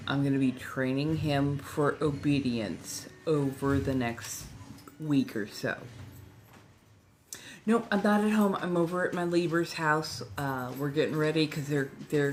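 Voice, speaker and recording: This livestream host is a Southern California woman in her forties with a Californian accent and a very deep voice. Slightly tipsy at a friend's house, she chats and rambles casually, and there's a little hiss or hum in the audio.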